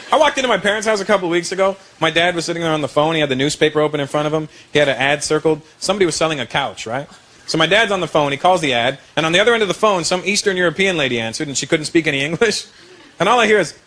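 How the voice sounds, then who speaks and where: A man from Canada doing stand-up comedy on stage, animated and conversational, over loud crowd laughter. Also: high voice, background noise. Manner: animated, conversational, punchline-driven.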